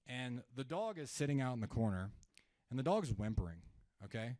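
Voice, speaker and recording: A man leads a sales seminar in a relaxed, conversational way. He keeps asking the room questions and acts out both sides of seller calls. His voice sits at a middle pitch and sounds dry and close. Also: normal speed, no echo. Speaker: sales trainer speaking at an event. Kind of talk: live seminar talk.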